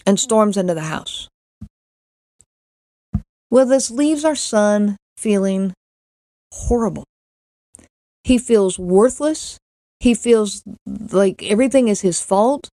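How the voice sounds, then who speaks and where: In a dry, studio-quality recording, a middle-aged woman with a slightly high voice hosts a podcast at a measured pace. Her personal story comes across as earnest, with frequent repeated words and acted-out quotes from others.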